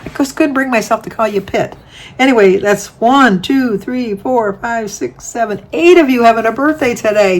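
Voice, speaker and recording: A woman's voice: a little high, moderate pace. Chatty older woman singing birthday wishes. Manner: chatty, singing, laughing between names. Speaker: vlogger. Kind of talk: casual chat with sung birthday wishes. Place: home room with windows open.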